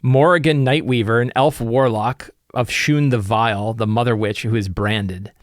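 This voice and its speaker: A middle-aged man talks loosely and animatedly about his tabletop campaign, filling his story with lots of "like"s. His voice sits at an ordinary pitch. The recording is close and dry. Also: normal speed, dry recording. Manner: animated storyteller, loose and chatty, many fillers like "like". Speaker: game master and tabletop RPG content creator. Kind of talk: casual recap and campaign-prep chat.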